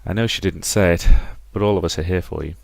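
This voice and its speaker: A young man playing a sci-fi visual novel, reading out every character's lines with shifting pitch and loudness. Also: fast, gravelly, no room sound. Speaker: game let's-player.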